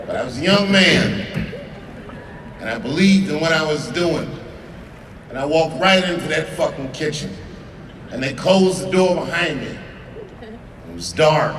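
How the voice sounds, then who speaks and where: A man in his forties tells a long stand-up story in a casual, profane way, with animated rises and drops and dramatic pauses. His fairly high voice carries from a far stage through a huge outdoor amphitheater. The long reverb of the venue and a loud, restless crowd sit behind every line. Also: noisy background. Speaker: stand-up comedian. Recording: distant, echoing amphitheater sound with crowd.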